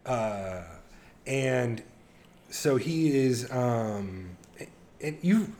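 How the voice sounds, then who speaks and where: A man's voice: medium pitch, drawn-out words. Guy on a podcast gushing about a movie, laughing a lot, mid voice. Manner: excited storytelling with laughs and impressions. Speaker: podcast co-host. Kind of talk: casual chat.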